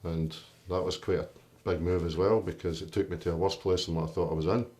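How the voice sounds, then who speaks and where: A man's voice: low voice, fairly even intonation, quick pace, darkish tone. A man, interviewed in a documentary, telling his own story in a candid, plain-spoken way. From Britain. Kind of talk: personal storytelling.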